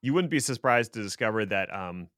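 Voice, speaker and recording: A man's voice: lowish voice, lively intonation, brisk, a bit bright, no echo. A man co-hosting a tech podcast, explaining things casually with dry, sarcastic asides. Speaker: podcast co-host.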